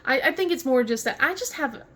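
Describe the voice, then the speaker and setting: Brisk and lively in her intonation, a woman with a high, fairly bright voice chats casually on her craft vlog. Hailing from southern West Virginia with a Southern American accent, she rambles along with many fillers, restarts and frequent laughter.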